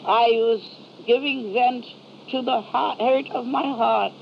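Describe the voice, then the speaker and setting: A woman giving voice to a wrathful divine man, shouting down judgment in a high, strained, slow cry. The sound is dull and lo-fi, like an old tape with a faint hiss. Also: steady tone, gravelly. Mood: stern, grieved.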